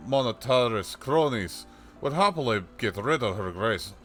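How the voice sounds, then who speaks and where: A man's voice: mid-range voice, animated, a little slow, fairly bright tone, faint music behind. A man voicing a chatty old male peddler with a put-on rustic accent and a folksy, rambling way of talking. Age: older. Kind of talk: reading game dialogue aloud on a livestream.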